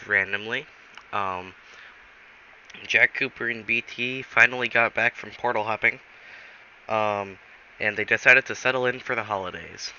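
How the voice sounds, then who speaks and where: A man telling an improvised story in a rambling, halting way, in a dull lo-fi recording. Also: fairly low pitch, pushed and bright, a little hiss or hum. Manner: rambling, halting, many fillers.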